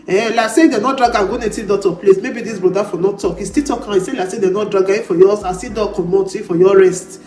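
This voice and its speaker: A woman's voice: mid-range voice, darkish tone. A woman speaking Nigerian Pidgin, hosting and commenting on a clip in a lecturing way. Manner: lecturing, drawing lessons. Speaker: channel host. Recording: roomy echo with faint music.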